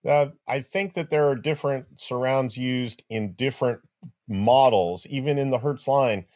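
A man's voice: medium pitch, normal speed, a little mellow. A man presenting on a live webinar over a video call, answering viewer questions conversationally with small restarts and dry jokes. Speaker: webinar presenter for an audio brand.

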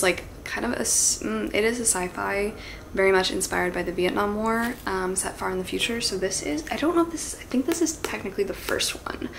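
A woman gushes over a pile of book gifts, chatting casually in a booktube vlog. Her talk is excitable, broken by gasps and quiet asides, at a middling pitch. A clear noise hiss and small clicks run under the home recording. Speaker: booktube vlogger. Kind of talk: casual unboxing chat.

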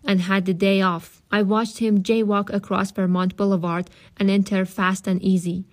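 Female reader of novels aloud, calm and steady narration, mid-range voice. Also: medium pitch, normal speed. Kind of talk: audiobook-style reading.

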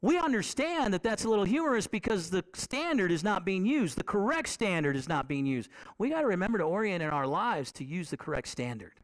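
A man's voice: high voice, very animated, brisk, few pauses. A man preaching a sermon in a conversational way. He asks the congregation questions and repeats key phrases to drive them home.

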